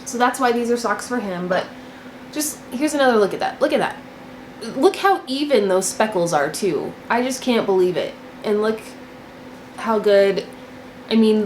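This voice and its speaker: A chatty young woman shows off her knitting in a relaxed, gushing way, stacking up repeated words when she gets excited. Her voice sits at an ordinary pitch for a woman. It bounces around an echoey room with a faint hiss behind it. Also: moderate pace. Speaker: knitting podcast host. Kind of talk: casual show-and-tell chat.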